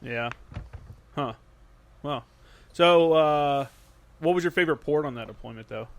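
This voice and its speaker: A man hosting a podcast in casual chat, laid-back and profane, with short reactions and quick questions. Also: on the high side. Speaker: podcast host.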